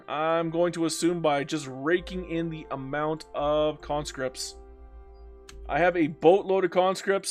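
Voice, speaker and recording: A young Canadian man commenting playfully on a strategy game, reading chat and mock-scolding the game. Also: on the high side. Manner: playful, theatrical, talks to the game. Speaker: gaming YouTuber. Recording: faint background music.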